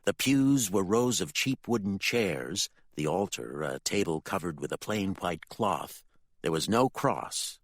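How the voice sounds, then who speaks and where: A man narrating a dark fantasy audiobook with expressive, dramatic storytelling. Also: extremely low pitch, measured pace, dry recording, clean studio sound.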